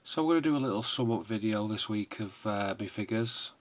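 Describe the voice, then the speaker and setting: A man's voice: fairly low pitch, brisk. A man talking to camera as an online seller, rambling off on tangents with frequent hesitations and self-deprecating asides. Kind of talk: casual rambling vlog.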